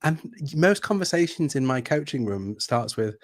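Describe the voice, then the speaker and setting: British male coach, mid-pitched, reflective storyteller, some halting restarts, speaking over a video call. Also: big pitch swings. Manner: thoughtful, hesitant restarts, storytelling. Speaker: guest, executive coach. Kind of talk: livestream interview.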